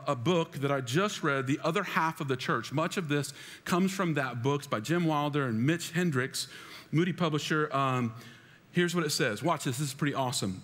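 Male pastor with a high voice, preaching to a congregation on a stage mic, long church reverb. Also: fairly bright tone. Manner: preaching with call-and-response to the congregation. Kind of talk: sermon. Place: large church auditorium.

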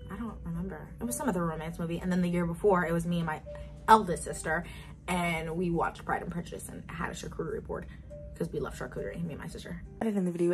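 A woman's voice: lowish voice, darkish tone. Bubbly chatty young woman vlogging. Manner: chatty and bubbly, drifts off on tangents. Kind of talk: casual get-to-know-me vlog.

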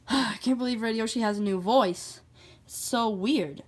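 A woman's voice: on the high side, measured pace, husky. A woman doing a bored, sarcastic plumber hero. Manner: flat, dismissive, sarcastic. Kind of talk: homemade toy-figure video acting.

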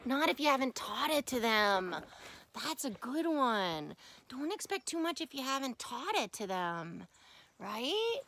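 A woman pet psychic chatting with her dog in a casual vlog, animated and giggly, with fond baby talk. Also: sits high, a little slow, creaky.

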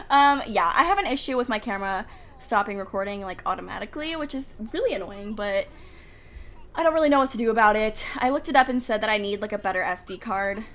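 With the window open and faint outdoor ambience behind her, a young gaming YouTuber casually narrates a life-sim game at home. She speaks to her characters in a chatty, giggly way, her medium-pitched voice expressive, fairly quick and a bit bright.

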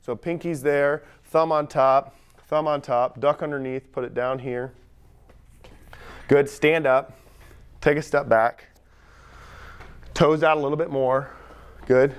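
Energetic man coaching a squat. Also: medium pitch, slow pace, pauses often, clean tone. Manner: energetic, talks straight to the group, acts out lifters. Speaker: strength coach. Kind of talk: live coaching demonstration. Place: gym platform at a lifting camp.

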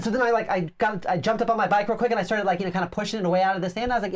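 A woman's voice: mid-range voice, very fast, few pauses. A woman co-hosting a board game show, telling stories in casual chat and acting out quoted lines with lots of energy. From Arizona. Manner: animated storyteller acting out quotes.

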